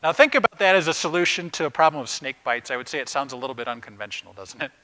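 Guy preaching a sermon like he's just talking, keeps asking the room questions, kinda high bright voice. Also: expressive, very fast, poor audio. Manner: asks the congregation rhetorical questions; plain, everyday wording with frequent "uh" fillers. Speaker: pastor. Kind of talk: conversational sermon.

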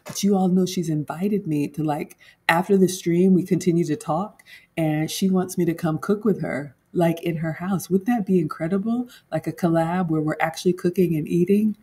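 A woman's voice: lowish voice, steady tone, a little slow, dark tone, husky. A woman home cook vlogger in casual livestream chat, talking straight to her viewers and laughing often.

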